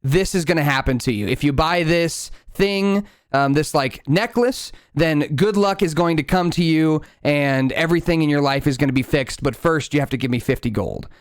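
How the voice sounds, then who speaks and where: A man's voice: moderate pace, hardly any pauses, dry recording, studio quality, close to an everyday voice. Guy doing a slick lizard-man scammer, pushy sales talk, tabletop game. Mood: salesy. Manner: salesy pitch. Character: lizardfolk scam peddler, male, smooth-talking.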